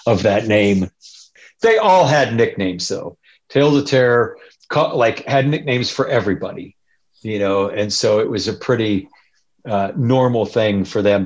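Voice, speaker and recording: A man telling stories in a loose, rambling way, as a guest in an interview. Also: fairly low pitch. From Northern California. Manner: rambling, loose, animated quoting of others. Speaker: interview guest, punk musician. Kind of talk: casual storytelling.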